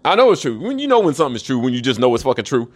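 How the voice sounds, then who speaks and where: A man's voice: mid-range voice, sing-song, racing. A man in a rambling solo monologue, profane and mocking, who laughs often. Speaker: commentator.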